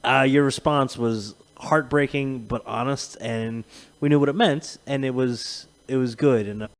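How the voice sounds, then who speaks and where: A man's voice: mid-range voice, measured pace. A man co-hosting a podcast, telling rambling, profane stories in casual chat. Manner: profane, rambling, animated storytelling with laughs. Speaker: podcast co-host.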